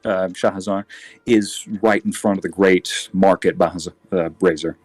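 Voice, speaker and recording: A man narrating as game master in a tabletop game, relaxed, with frequent fillers and self-corrections. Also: low voice, normal speed, dry recording.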